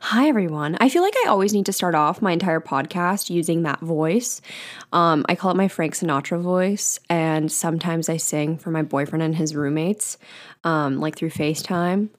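A woman's voice: low voice, moderate pace. Rambling young woman podcast host. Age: 20s. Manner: rambling and self-deprecating, heavy with "like" and "um". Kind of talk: casual solo podcast chat.

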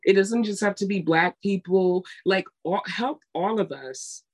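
Her husky, mid-range voice is unhurried as she co-hosts a laid-back podcast conversation. She's an emphatic storyteller who acts out scenes and voices what others said.

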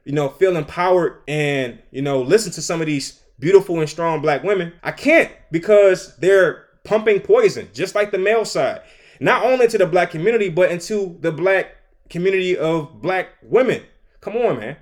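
Opinionated man with a high voice. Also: normal speed. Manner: animated, opinionated, laughs between points. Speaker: podcast host. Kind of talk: solo commentary monologue.

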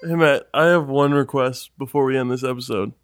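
A man's voice: medium pitch, steady tone, no room sound, soft background music. A man co-hosting a podcast in casual chat, laughing and restarting his sentences. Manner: chatty, laughing, halting restarts. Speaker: podcast co-host.

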